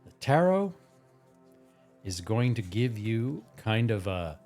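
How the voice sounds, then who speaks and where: A man's voice: on the low side, slow, soft background music. A man hosting a live tarot reading stream, chatting casually, telling stories and chuckling often. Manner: animated, chuckling, relaxed. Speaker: tarot reader and livestream host.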